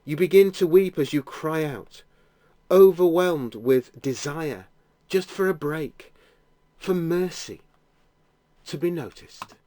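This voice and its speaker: A man narrating a guided imaginative prayer, telling the scene gently in the second person. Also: fairly high pitch, slow pace, pauses often, dry recording.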